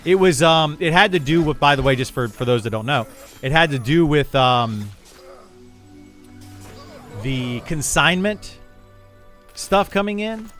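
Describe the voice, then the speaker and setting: A man's voice: on the high side, expressive, measured pace, long pauses, fairly bright tone. A man streaming live, chatting casually and rambling, often repeating words and restarting sentences as he explains himself to his chat. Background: faint music.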